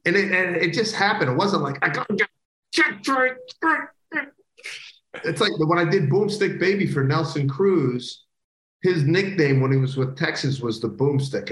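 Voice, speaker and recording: A middle-aged male baseball broadcaster from the Philadelphia area, telling stories in a casual interview and breaking into loud catchphrases. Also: fairly high pitch, moderate pace. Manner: animated storyteller who bursts into loud catchphrases. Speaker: baseball play-by-play broadcaster, guest. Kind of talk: casual podcast interview storytelling. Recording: roomy echo.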